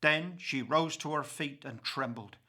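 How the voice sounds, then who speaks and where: A man reciting dramatic verse in the role of an old grieving pauper, slow and impassioned. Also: on the high side, sharp tone. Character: old grieving male pauper, bitter and accusing.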